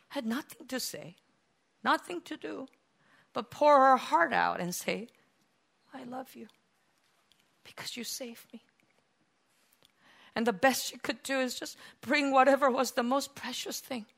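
A woman delivers a sermon in a fairly high, bright, ringing voice. She retells the story quietly at times, then climbs into loud, fervent preaching. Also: unhurried, creaky.

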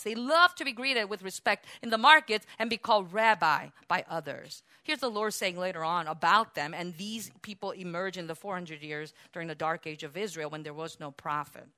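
A woman preaching a sermon, moving between quiet explaining asides and loud, emphatic, rising outbursts. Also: mid-range voice, dry recording.

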